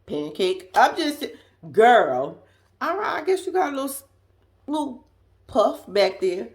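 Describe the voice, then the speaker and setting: Sassy Southern woman with lively pitch. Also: takes it slowly, pauses often. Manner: sassy, blunt, laughing, profane. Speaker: reality TV recap vlogger. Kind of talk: casual commentary.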